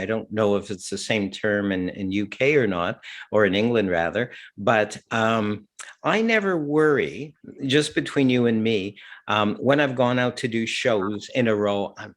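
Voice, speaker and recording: Male host, lowish voice, measured and earnest, conversational interview.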